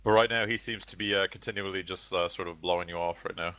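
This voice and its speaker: A man's voice: low voice, fairly even intonation, quick pace, pushed and bright, no room sound. A man narrating a tabletop game as game master, in a rambling, loose way full of fillers, on a dull lo-fi recording.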